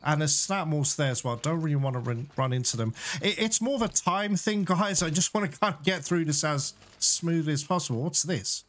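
Excitable man narrating his gameplay. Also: a little high, a little fast, few pauses, slight background noise. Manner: excitable, swears and shouts at enemies. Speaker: gaming channel host. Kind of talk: casual let's-play commentary. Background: loud game music.

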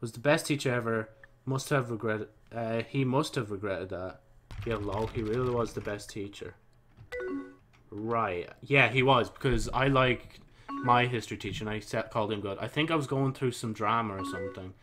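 A man's voice: mid-range voice, normal speed, a bit bright, slight background noise. A young man hosting a let's play, casually reading chat messages aloud and commenting as he types, swearing now and then. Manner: casual, mumbling, swears freely, reads and types as he talks. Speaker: gaming channel host.

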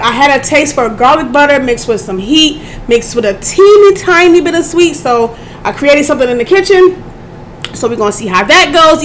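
A hoarse woman vlogger chatting casually to her viewers as she eats, often clearing her throat. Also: sits high, fairly bright tone, slight background noise. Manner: chatty, addresses audience as y'all, keeps clearing her throat. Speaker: mukbang vlogger. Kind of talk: casual eating chat to viewers.

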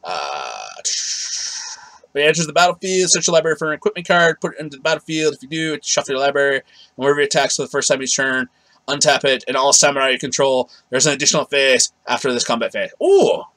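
A man's voice: medium pitch, animated, fast, fairly bright tone, no echo, poor audio. A man giving a casual, rambling card game review, often correcting himself and laughing.

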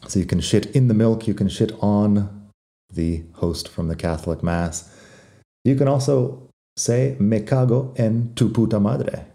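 Low, dark-voiced man teaching casually. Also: gravelly. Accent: non-native Spanish accent when speaking Spanish. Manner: relaxed, wry and conversational. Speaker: Spanish teacher. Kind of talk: casual podcast lesson.

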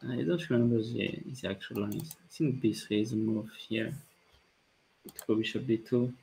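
A man, a chess grandmaster calmly thinking aloud about his moves during a live stream, with light jokes. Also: fairly low pitch, moderate pace, gravelly, a little hiss or hum. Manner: calm, thinking aloud move by move, light joking. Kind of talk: live-stream commentary on his own play.

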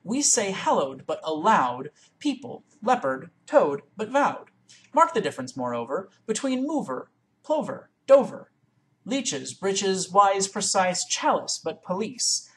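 Sitting low before a webcam, a woman reads a poem aloud in one take, reciting carefully and deliberately, word by word.

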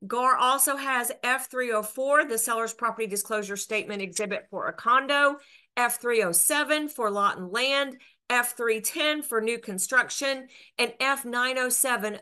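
A woman's voice: fairly high pitch, sharp tone. A woman real estate broker, explaining rules to agents in an earnest way, with restarts and filler words. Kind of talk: educational explainer to camera.

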